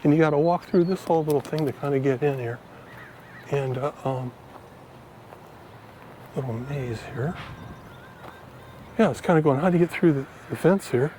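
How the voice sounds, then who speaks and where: A man's voice: on the high side, normal speed, pauses often, dark tone, slight background noise. A man rambling with lots of fillers as he walks through a park, filming his finance vlog on a handheld phone. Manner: rambling, chatty, with many fillers. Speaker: finance vlogger. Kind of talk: casual walking vlog. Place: outdoors, walking through a park.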